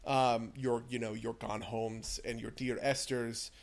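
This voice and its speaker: A man's voice: mid-range voice, level tone, unhurried, creaky. A young man co-hosting a casual podcast, chatting about games with lots of fillers and strong opinions. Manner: rambling, filler-heavy, opinionated. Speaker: podcast co-host.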